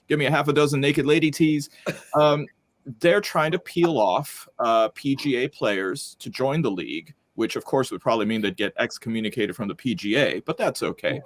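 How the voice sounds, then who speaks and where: A man hosting a panel show over a video call, wry and fond of jokes. His voice sits at an ordinary male pitch. He leads each topic in a conversational way. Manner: wry, joking. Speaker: host. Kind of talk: panel discussion.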